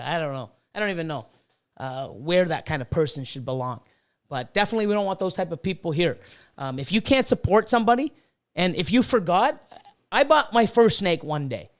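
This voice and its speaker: A middle-aged man who breeds reptiles, ranting heatedly on a casual livestream, swearing constantly and repeating himself. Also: high-pitched. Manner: profane, heated, repetitive ranting.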